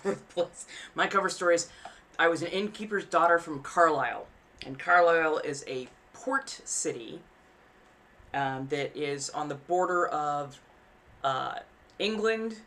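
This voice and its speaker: A woman with a deep, somewhat bright voice chats casually on a live stream while sewing in her home apartment. She rambles frankly, swears freely, and laughs at herself.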